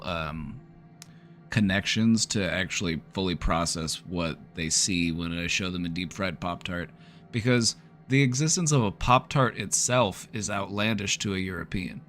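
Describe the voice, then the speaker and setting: A man's voice: deep voice, unhurried, a bit bright, soft background music. A man streaming live, giving casual joking commentary with wry running reactions. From United States.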